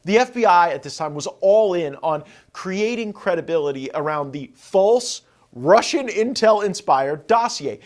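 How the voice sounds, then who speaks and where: A man giving a formal, measured account of a hearing, reading quoted exchanges. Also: high voice. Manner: measured, prosecutorial, reads quotes.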